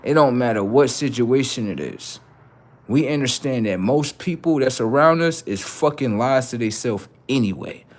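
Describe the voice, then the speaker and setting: Animated slangy man telling a story. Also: medium pitch, moderate pace. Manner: animated, slangy, repeats phrases for emphasis. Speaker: livestreamer. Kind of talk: casual storytelling.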